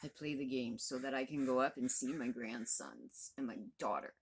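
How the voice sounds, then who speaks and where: A woman's voice: rumbling low, expressive, moderate pace, breathy edge. A woman in her fifties, a vlogger, venting to the camera in a blunt, profane, exasperated rant. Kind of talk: angry direct-to-camera rant.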